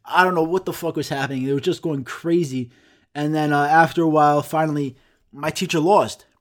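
A man's voice: fairly high pitch, fairly even intonation, brisk. A young man telling a rambling, profane comic story in casual chat, throwing in sound effects.

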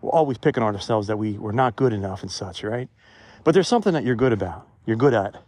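A man's voice: on the low side, expressive, fast, a little mellow, dry recording. A man talking to his phone as he walks outdoors, musing in a rambling, conversational way in a reflective vlog. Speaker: vlogger. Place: outdoors in a cemetery. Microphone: phone held while walking.

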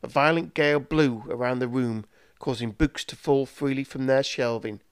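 A man's voice: mid-range voice, steady tone, normal speed, clear, resonant tone, no room sound. Man reading a storybook aloud. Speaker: narrator. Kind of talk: storybook narration.

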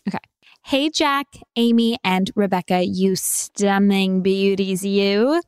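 A woman's voice: medium pitch, slow, clear, resonant tone, no echo, studio quality. A woman co-hosting a podcast, reading a listener's confession aloud and often breaking into laughter. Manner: giggly, animated, breaks into laughter. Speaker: podcast co-host.

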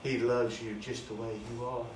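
A man's voice: mid-range voice, level tone, moderate pace, background noise. A man preaching a sermon in an emphatic, repetitive cadence in a church. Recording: very echoey, distant mic.

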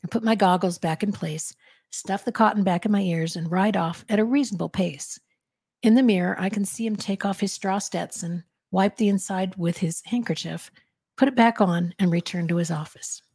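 Woman, podcast co-host, reading a novel aloud, measured, husky voice, dry close sound. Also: mid-range voice, darkish tone, no echo. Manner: measured, thoughtful.

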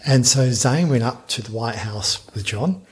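A man, a business founder telling a long anecdote in a podcast interview, lively and full of restarts. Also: medium pitch, a little slow, breathy edge. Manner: animated anecdote telling with frequent restarts and laughs.

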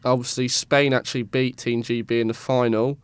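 A man's voice: mid-range voice, flat delivery, brisk, smooth, dry recording. A man co-hosting a casual sports podcast, rambling and stumbling over player names with self-mocking asides.

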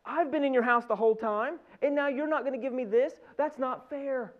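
A man's voice: very high-pitched, brisk, pitched above the performer's own voice. A man voicing a resentful, jealous older brother who complains in an aggrieved, whiny way. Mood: whining. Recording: dull lo-fi sound.

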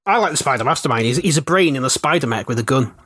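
A man's voice: medium pitch, lively intonation, racing, fairly bright tone, no room sound, clean studio sound. Jokey man hosting a chat. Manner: jokey, laughs a lot, leads the talk. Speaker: podcast host. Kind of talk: casual chat.

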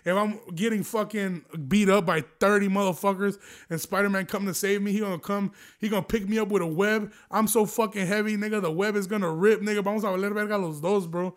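High-voiced young man, rambling and profane. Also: fairly even intonation, fast. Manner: rambling, profane, laughing storyteller. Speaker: podcast host. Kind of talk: casual solo monologue.

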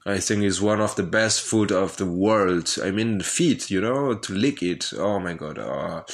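Slow, low-voiced man rambling candidly. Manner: hesitant and profane, with frequent laughs and fillers. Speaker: vlogger telling his life story. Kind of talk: rambling personal monologue.

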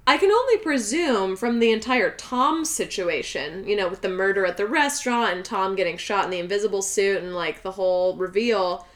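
A woman's voice: mid-range voice, expressive, normal speed, few pauses, a bit bright. A young adult woman co-hosting a podcast, recapping a film in a rambling, filler-heavy casual way. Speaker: podcast co-host.

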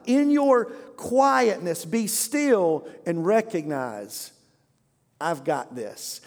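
A male pastor preaching a sermon, prompting the congregation to answer back. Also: high voice. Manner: preaching with call-and-response prompts. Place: church sanctuary. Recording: long hall reverb.

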